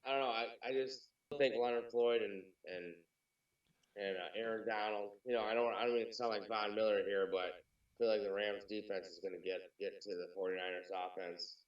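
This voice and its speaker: A man talks sports in a relaxed, joking way and often restarts his sentences. He sits far from the mic, so the room echoes around him. The sound is dull and lo-fi. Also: on the low side, fairly quick. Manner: joking, relaxed, hesitant starts. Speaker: co-host. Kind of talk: casual sports talk. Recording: distant roomy lo-fi mic.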